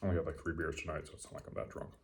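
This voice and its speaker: A slightly drunk man with an American accent, rambling in a quiet late-night monologue, casual and profane. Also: flat delivery, rapid-fire, a little hiss or hum. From Los Angeles. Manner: talks low and quiet. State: a little drunk. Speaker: vlogger.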